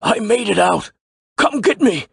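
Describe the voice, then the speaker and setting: Man voicing a raspy panicked man fleeing a fire. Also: high voice, expressive, moderate pace, no echo, voice pushed up, heavily acted. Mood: desperate. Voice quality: raspy, dry. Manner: shouting desperately. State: coughing, shaken. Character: panicked middle-aged man fleeing a burning tower.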